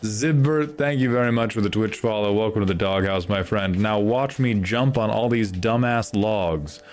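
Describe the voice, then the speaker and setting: A man's voice: lowish voice, normal speed, soft background music. A young man streaming a video game, reacting with constant frustrated swearing as he plays. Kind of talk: live gameplay commentary.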